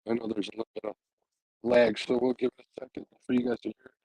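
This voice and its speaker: A laid-back man chats through a casual livestream with a mellow, warm voice. He sounds sleepy and easygoing, with fillers and small laughs. The sound is dry and close, through an earbud mic. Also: mid-range voice, flat delivery, fast, husky, dry recording, poor audio. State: sleepy, yawning after a night without sleep. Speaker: host of a fishing channel, livestreaming. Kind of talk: casual livestream chat, reading viewer comments. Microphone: earbuds mic on a phone stream.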